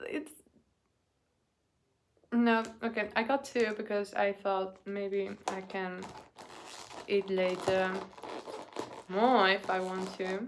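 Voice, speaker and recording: A woman chatting casually in a food vlog, excitable and swearing, often breaking into laughter. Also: mid-range voice, a little hiss or hum. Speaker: vlogger.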